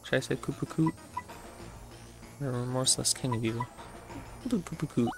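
A gamer voicing a boastful, brutish turtle king villain with loud, huffy delivery. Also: medium pitch, fast, music in the background, natural voice. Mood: gloating.

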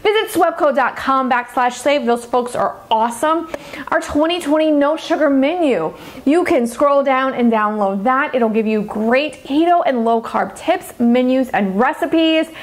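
A woman hosting a cooking demonstration as a dietitian, bubbly and gushing with excitement. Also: sits high, a little slow. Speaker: dietitian cooking show host.

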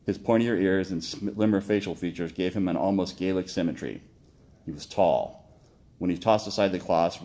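Man, author reading aloud, low voice, steady with small slips. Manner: steady reading with occasional slips and self-corrections. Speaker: author reading his own work.

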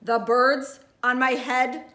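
A woman's voice: high-pitched, flat delivery, slow, pushed and bright, reverberant, heavily acted. A woman voicing a fretful male elephant in a storybook read-aloud, asking anxious questions. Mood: worried.

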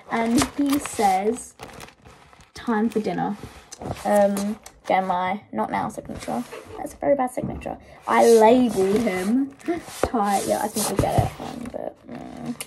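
A woman's voice: fairly high pitch, vocal fry, noisy background. A woman chatting casually on camera through earbuds, giggling and rambling with self-mocking asides. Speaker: vlogger. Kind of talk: casual show-and-tell chat. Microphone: wireless earbuds.

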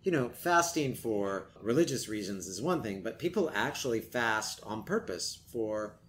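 A man's voice: lowish voice, animated, normal speed, a bit bright, slight background noise. A man with a New York accent co-hosting a radio show, enthusiastic and teasing in casual chat. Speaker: radio co-host.

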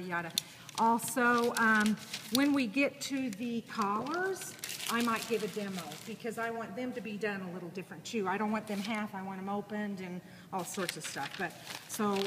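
A woman teaching a sewing class, talking casually and thinking out loud as she demonstrates. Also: medium pitch. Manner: casual, chatty, thinking aloud while working. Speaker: sewing instructor. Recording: echoey room with audible noise.

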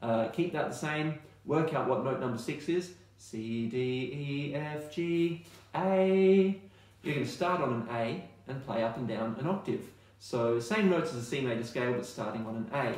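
An Australian man teaching music in a relaxed, chatty way, now and then singing scale notes to demonstrate. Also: medium pitch, normal speed, few pauses, heavy reverb. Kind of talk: recorded online music lesson.

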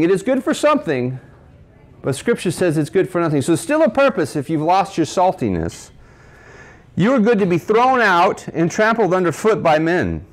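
A man delivers a sermon to a men's breakfast gathering in a cafe. His voice sits a little high and rises and falls with lively energy. He keeps asking his listeners questions and quoting scripture. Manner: preaching with rhetorical questions and scripture quotes. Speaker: speaker at a men's ministry breakfast.

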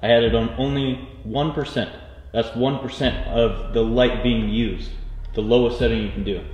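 Excitable young man in an echoey hallway. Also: mid-range voice, normal speed, lo-fi sound. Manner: excitable, swearing by what he felt, easily spooked. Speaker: paranormal investigator co-host. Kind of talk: casual ghost-hunting chat. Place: hallways of a historic saloon building, indoors. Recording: echoey hall with long reverb, faint background hiss.

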